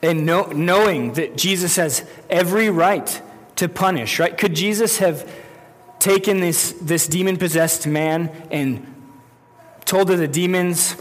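A man with a somewhat high voice preaches a sermon to his congregation. He talks in a loose, conversational way, restarting phrases and slipping into the voices of the people in his story. His words ring out with the long reverb of a large hall. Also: measured pace. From United States. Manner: conversational, with self-corrections and acted-out quotes. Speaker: pastor.

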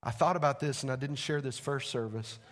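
A male pastor, preaching a sermon in a church with animated, conversational asides. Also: medium pitch, brisk. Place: church sanctuary. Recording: long hall reverb.

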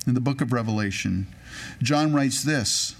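A man's voice: medium pitch, gravelly. Man preaching a conversational sermon. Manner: conversational preaching with anecdotes, slows down to read scripture. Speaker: pastor.

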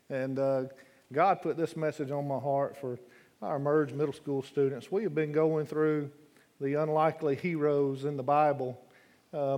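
A man preaching a sermon as a guest preacher in a church, folksy and chatty, rising to loud fervent scripture reading. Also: a little high. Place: church sanctuary.

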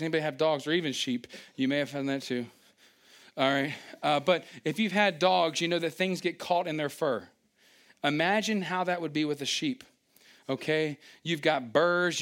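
Animated preacher, lively with sudden outbursts. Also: male voice. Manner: animated, acts out little scenes with sudden high-pitched outbursts. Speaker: pastor. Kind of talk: sermon.

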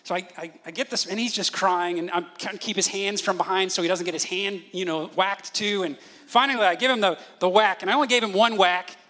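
A man in his thirties preaching a sermon as a pastor, telling stories with lively delivery and briefly acting out the voices of his children. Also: sits high, fairly quick. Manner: animated storytelling, acts out voices of his children.

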